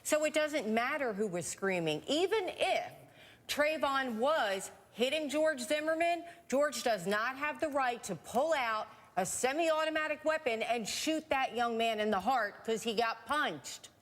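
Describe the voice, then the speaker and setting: A woman's voice: high voice, animated, unhurried. Emphatic woman arguing with reverb. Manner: forceful, emphatic argument. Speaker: legal panelist. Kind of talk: TV legal debate.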